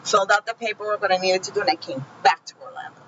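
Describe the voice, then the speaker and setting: A woman's voice: mid-range voice, steady tone, racing, a bit bright, dull audio, a little hiss or hum. A woman telling her own painful story in a vlog, heated and profane, speaking with raw feeling. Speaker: vlogger recounting her own experience. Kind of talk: emotional personal storytelling.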